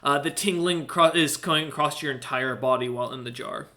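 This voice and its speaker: A man with a bright, strained, fairly high voice narrates a tabletop game as its game master. He hesitates often and fills the gaps as he describes the scene. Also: a little fast. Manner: hesitant, filler-heavy narration.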